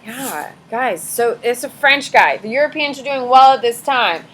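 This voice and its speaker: A woman's voice: a little high, expressive, moderate pace, fairly bright tone, rough recording. A woman teacher giving a casual classroom lecture, chatty and sarcastic, swearing offhandedly as she talks to students.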